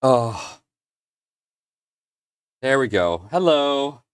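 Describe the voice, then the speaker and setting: A man's voice: mid-range voice, expressive, drawn-out words, clean tone, dry recording. A man hosting a casual livestream from his home workshop, earnest and emotional, often restarting his sentences. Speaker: livestream host and maker.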